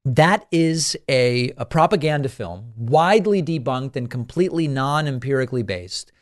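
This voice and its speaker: A man's voice: medium pitch, lively intonation, moderate pace. A man hosting a political talk show, giving emphatic, exasperated commentary and searching aloud for the right words.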